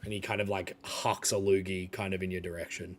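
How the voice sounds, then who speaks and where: A man's voice: low voice, flat delivery, a little fast. A man narrating a tabletop game as game master, hesitant and full of fillers.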